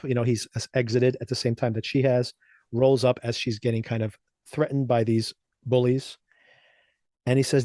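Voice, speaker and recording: Speaking briskly with a medium-pitched, darkish voice, a male podcast co-host casually recaps and reviews TV episodes. He laughs frequently between thoughts, and the studio sound is clean with no echo.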